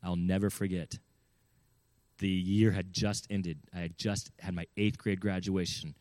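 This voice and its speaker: A man's voice: deep voice, level tone, measured pace, a little mellow, dry recording. A man telling a personal story in an earnest, emphatic way, often asking his listeners questions. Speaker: speaker giving parenting advice. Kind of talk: storytelling talk.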